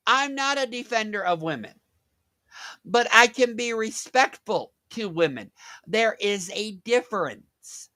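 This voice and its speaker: A man rants on his vlog with lively, swooping sarcasm, drawing out his words at a slow, deliberate pace. His voice is bright and forward. The sound is dry and close. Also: high voice, no echo. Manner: animated, sarcastic, laughs at his critic. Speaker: vlogger. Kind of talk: mocking rant.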